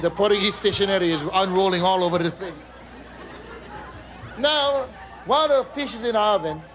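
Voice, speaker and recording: A male comedian, telling jokes live on stage through a microphone. His voice is strikingly high and his delivery lively and chatty, breaking off to joke with the crowd. A faint room hum runs underneath.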